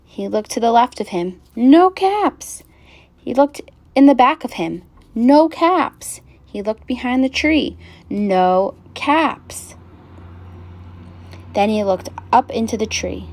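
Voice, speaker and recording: A woman reading a picture book aloud with gentle, expressive narration. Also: a little high, moderate pace, gravelly. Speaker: storyteller.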